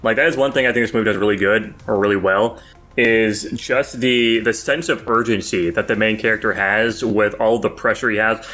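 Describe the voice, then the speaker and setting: A man's voice: lowish voice, fairly even intonation, moderate pace, sharp tone. A man co-hosting a casual movie review podcast, rambling with lots of filler words and swearing. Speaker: podcast co-host.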